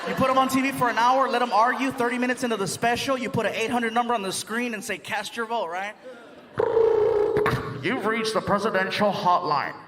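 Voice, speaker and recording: A man performing a stand-up comedy set on a live stage, animated and laughing often, slipping into voices for his bits. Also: very high voice, fast, hardly any pauses. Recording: live show with audience noise.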